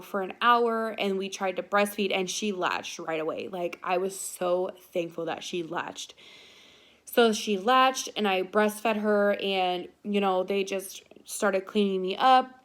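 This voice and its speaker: A woman's voice: mid-range voice, a little slow. A young woman vlogging, telling a personal story in a chatty, casual way with lots of fillers. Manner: chatty, filler-heavy, animated retelling.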